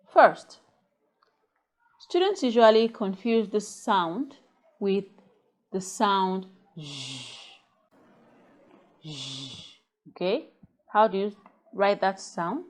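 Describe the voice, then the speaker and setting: A woman leads an English pronunciation lesson at a very slow, deliberate pace. She says each word on its own, repeats contrasting pairs, and keeps checking that her students follow. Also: mid-range voice, lively intonation. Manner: drills minimal pairs, checks understanding with "Okay?" and "Clear?". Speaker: pronunciation teacher.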